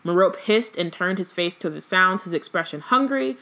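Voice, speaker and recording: A woman's voice: on the low side, lively intonation, moderate pace, bright, forceful tone. A woman co-hosting a book podcast, reading passages aloud and chatting casually with lots of "like" and "um". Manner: reads passages with fillers, many "like"s. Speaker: podcast co-host.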